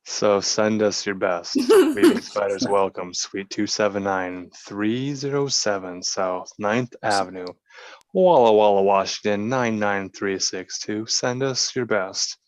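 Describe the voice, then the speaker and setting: A man's voice: lowish voice, big pitch swings, measured pace, no room sound. A man hosting a podcast, chatting in a jokey, wry way. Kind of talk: casual chat.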